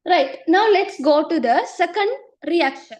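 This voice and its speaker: A woman teaching a chemistry lesson, repeating herself and often checking understanding, losing her voice and clearing her throat. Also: very high voice, animated, unhurried. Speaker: chemistry tutor. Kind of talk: online class teaching.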